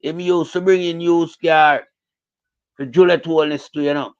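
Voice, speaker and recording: A man with a Jamaican accent rants heatedly about politics, circling back over his points and slipping in and out of Patois. His voice sits a little high for a man. The recording sounds dull and lo-fi. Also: steady tone, measured pace, clean tone. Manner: heated, repetitive, speaks Jamaican Patois mixed with English. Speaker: political commentator. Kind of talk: casual political rant.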